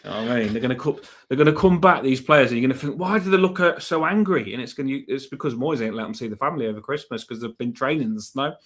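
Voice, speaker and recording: A man co-hosting a football fan podcast, excitable and hyping himself up in casual chat. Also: mid-range voice, very fast, few pauses. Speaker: podcast co-host.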